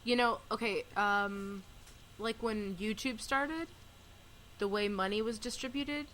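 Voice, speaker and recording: A woman's voice: mid-range voice, steady tone, slow pace, fairly bright tone, a little hiss or hum, low-quality recording. A woman co-hosting a podcast in casual chat over an online call, talking freely and filling with "like". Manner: chatty, leans on "like" often. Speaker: podcast co-host.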